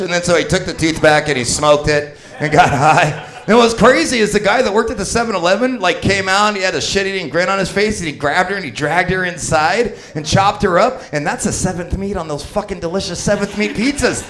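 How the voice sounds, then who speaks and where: A fifty-year-old man performing a crude, rambling stand-up set on a comedy club stage, shouting his punchlines. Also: sits high, brisk. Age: 50s.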